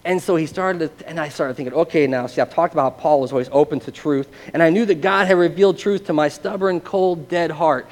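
A man's voice: a little high, quick pace, hardly any pauses, big-room sound. A man preaching a sermon as pastor, telling a personal testimony in an earnest, conversational way and often checking in with listeners.

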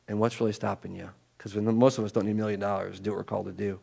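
A middle-aged man races through a chatty, animated sermon as a pastor, his voice creaky and his pauses few. Pitch and volume jump without warning, and he repeats words and wanders into asides.

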